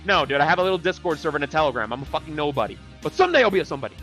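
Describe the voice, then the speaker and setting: A man's voice: a little high, animated, racing, music in the background. A man from Puerto Rico ranting with heavy profanity on a heated livestream discussion. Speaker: livestream co-host.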